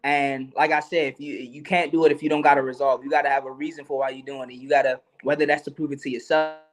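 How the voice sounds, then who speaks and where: A man's voice: mid-range voice, flat delivery, fast. A male guest on an interview show, giving earnest advice in a repetitive, encouraging way. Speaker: guest, musician and actor. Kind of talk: casual interview.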